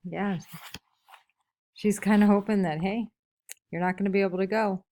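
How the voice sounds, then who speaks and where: A woman teacher guides a class discussion of a novel. She reads short passages aloud, explains them, and keeps asking the students questions. Her voice sits at an ordinary middle pitch. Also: steady tone, dark tone. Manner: asks many questions, pausing for answers.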